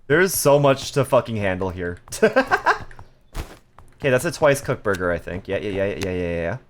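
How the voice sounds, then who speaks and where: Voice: sits low, very animated, moderate pace, a little hiss or hum. A streamer playing a cooking game live, bantering and swearing at chat with frequent laughter.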